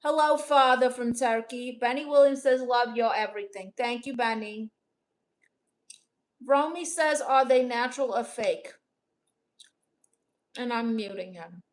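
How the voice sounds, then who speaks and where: A young woman from Brooklyn reading out her chat on a casual livestream, dry, deadpan and sarcastic. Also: a little high, a little slow, long pauses. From Brooklyn, New York. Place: home in Los Angeles.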